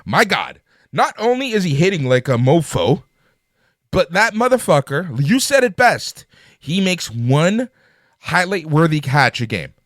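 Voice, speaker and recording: Lively, swearing male podcast co-host. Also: a little high, measured pace, dry recording, studio quality. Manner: animated, profane, rambling. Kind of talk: casual sports and wrestling chat.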